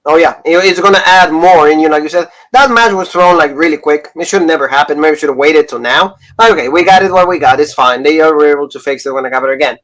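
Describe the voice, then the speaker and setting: A man's voice: fairly high pitch, fast, hardly any pauses, fairly bright tone, poor audio. A man hosting a casual wrestling review podcast, recapping segments in loose, filler-heavy talk. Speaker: wrestling show host.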